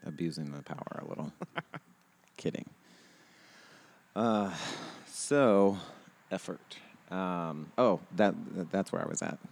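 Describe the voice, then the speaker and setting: Man, 30s, very low voice, loose rambling podcast host full of filler words. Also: slow pace, long pauses, darkish tone. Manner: rambling, heavy on fillers and restarts, laughs often. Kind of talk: casual chat. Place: outdoors.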